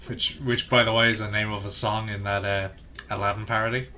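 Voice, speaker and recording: A man's voice: fairly low pitch, flat delivery, a little fast, sharp tone, slight background noise. A man streaming a video game, chatting casually with friends and muttering self-deprecating jokes while he searches. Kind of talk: casual gameplay commentary with friends.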